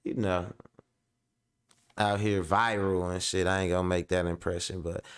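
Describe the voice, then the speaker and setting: A man with a low, smooth, resonant voice hosts a casual live-stream commentary. He rambles in loose slang and laughs a lot. He sounds slightly under the weather. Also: flat delivery, normal speed.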